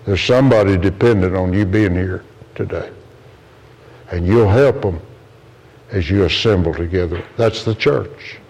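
A man's voice: a little slow, long pauses, a little mellow, husky, low-quality recording. A man preaching a sermon to a congregation in an earnest, storytelling way. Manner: earnest, storytelling, rises in pitch when quoting others.

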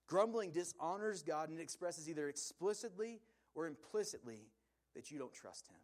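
A man delivers a sermon in a slightly high voice, earnest and emphatic. He swells on key points and drops low and quiet at the ends of phrases. Between his points he reads scripture aloud. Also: animated, normal speed. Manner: earnest, emphatic preaching with rising and falling intensity. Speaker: pastor.

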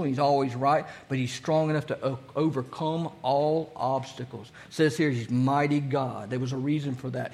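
A man's voice: a little high, darkish tone. A male pastor preaching a sermon in a folksy, conversational way, asking the congregation questions.

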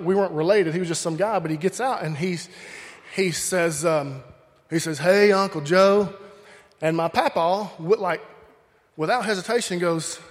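A man's voice: high voice, fairly bright tone. A man with a Southern accent from Alabama, preaching with folksy humorous stories and talking straight to the crowd. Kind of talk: humorous storytelling sermon. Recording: long hall reverb.

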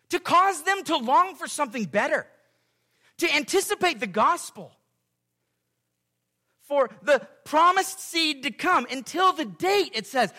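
A man's voice: very high voice, sharp tone. A man preaching a sermon as pastor, emphatic and repeating his points, with playful asides.

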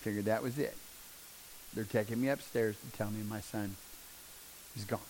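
A middle-aged man telling a personal testimony as a father, his telling raw and intense and swinging from hushed to loud. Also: fairly low pitch, fairly even intonation, normal speed, a little hiss or hum. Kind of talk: emotional personal testimony storytelling.

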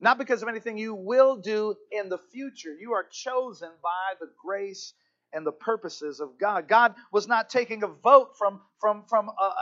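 A man's voice: high-pitched, moderate pace, fairly bright tone. A male pastor preaching a sermon with emphatic repetition and occasional stammered restarts. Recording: dull lo-fi recording.

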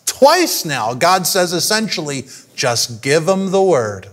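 Animated high-voiced male preacher. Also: takes it slowly, few pauses. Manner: animated, rhetorical questions to the congregation, frequent laughter. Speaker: pastor. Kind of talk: sermon.

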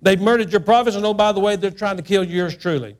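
A man's voice: high-pitched, fast talker, natural voice. A man doing a stiff mock-military prophet. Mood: mock-formal. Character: evasive male prophet, self-important, defensive.

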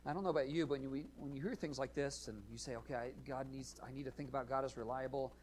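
A male pastor preaching a sermon, earnest, asking rhetorical questions, rising to emphatic points and dropping to quiet asides. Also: mid-range voice, fairly even intonation, quick pace, a little hiss or hum, low-quality recording. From United States.

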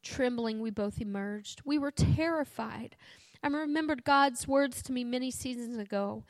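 A woman reading a story aloud in first person, earnest and steady, with a few small restarts. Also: fairly high pitch, normal speed, dry recording.

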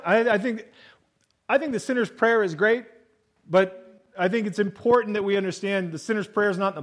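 High-voiced man preaching conversationally. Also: low-quality recording. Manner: conversational preaching, reads scripture then explains with acted-out voices. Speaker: pastor. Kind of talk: sermon.

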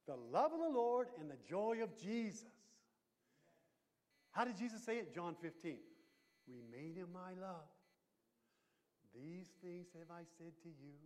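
A man preaching a sermon, emphatic, swinging between loud declarations and hushed asides. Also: high voice, long reverb tail. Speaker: pastor.

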